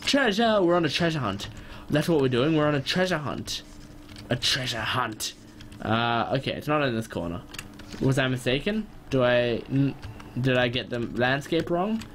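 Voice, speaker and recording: A young man giving excitable gameplay commentary, quick to get frustrated and loud when things go wrong. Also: medium pitch, a little hiss or hum. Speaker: gaming channel host.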